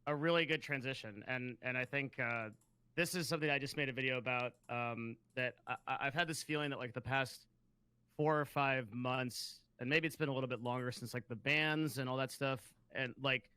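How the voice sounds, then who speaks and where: A man's voice: medium pitch, a little fast, bright, forceful tone, smooth, no echo. A man co-hosting a casual podcast, earnest, with many fillers.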